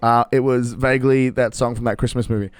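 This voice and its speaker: A man's voice: mid-range voice, steady tone, fairly quick, noisy background. A young man co-hosting a podcast, teasing and joking in casual chat, laughing a lot. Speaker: podcast co-host.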